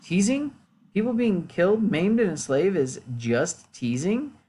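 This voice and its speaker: Guy doing a panicky angry villager dude, voice pushed up high. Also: big pitch swings, measured pace, dark tone, husky, heavily acted. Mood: frantic. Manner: urgent, indignant. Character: frantic male villager whose village was raided.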